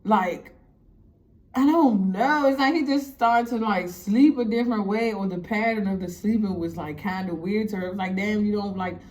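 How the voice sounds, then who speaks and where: A young woman telling a story to her viewers in a casual, animated way, laughing often and filling her talk with "like". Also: mid-range voice, moderate pace. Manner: animated, laughing, heavy "like" fillers. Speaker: storytime vlogger.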